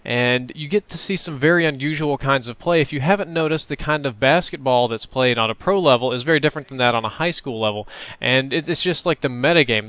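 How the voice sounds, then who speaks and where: A man's voice: medium pitch, a bit bright. A young man giving casual, reflective commentary over gameplay, talking in a conversational way. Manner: conversational, reflective, laughs now and then. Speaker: gaming commentator.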